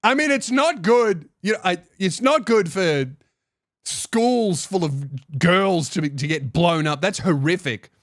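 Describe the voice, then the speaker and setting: A man's voice: sits high, expressive, a little slow, fairly bright tone, no room sound, studio quality. A young man giving a rambling, comedic podcast monologue, swearing freely and restarting his sentences.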